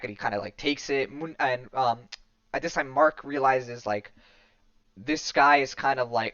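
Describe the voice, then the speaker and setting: A man's voice: mid-range voice, moderate pace, pushed and bright, smooth, dry recording. A man talks through a comic story in loose podcast chat, full of "um"s, restarts and backtracking. His voice comes through a dull lo-fi recording. The sound is dry and close, with no room around it. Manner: rambling, many fillers and restarts. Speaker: podcast host. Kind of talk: casual chat recapping a comic.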